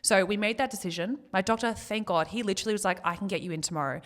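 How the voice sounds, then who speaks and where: A young woman talks openly on a podcast, her voice at an everyday middle pitch. She tells a painful personal story, welling up now and then, yet she still laughs easily. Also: fairly bright tone. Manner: emotional, tearful at moments, quick to laugh. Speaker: podcast co-host.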